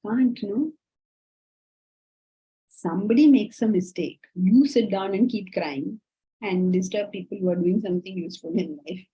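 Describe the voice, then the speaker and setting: A woman teaching a Vedanta class in a lively, conversational way, often asking her students rhetorical questions. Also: medium pitch, moderate pace, slightly rough. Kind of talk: online class lecture. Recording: muffled lo-fi audio.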